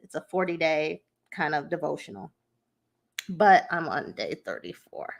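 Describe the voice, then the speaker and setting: A woman's voice: deep voice, animated, normal speed, creaky. A young adult woman hosting a podcast, talking casually and emotionally with many fillers. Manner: emotional, heartfelt, rambling with fillers. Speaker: podcast host. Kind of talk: casual personal talk.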